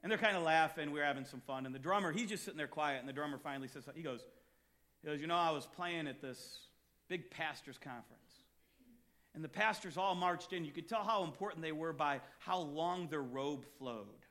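A man preaching a sermon as pastor, reading scripture and telling stories, rising to shouts at times. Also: fairly high pitch, a little fast.

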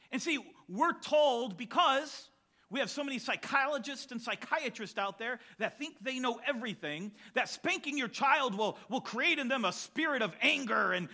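High, animated, bright-voiced preaching man. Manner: emphatic preaching, bursting into shouts on key verses. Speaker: pastor. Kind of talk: sermon.

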